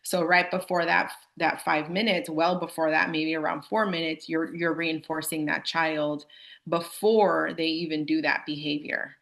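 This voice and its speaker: Chatty woman giving a bright staff training. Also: low voice, level tone, measured pace, creaky. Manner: casual, chatty, addresses audience as "you guys". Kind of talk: live staff training presentation.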